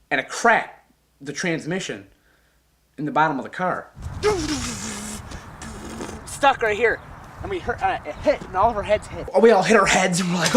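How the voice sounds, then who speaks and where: A young man being interviewed, telling a casual, animated and profane anecdote and acting out the voices of the people in it. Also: fairly high pitch, normal speed, long pauses, slight background noise. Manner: animated, profane, acts out voices and sound effects.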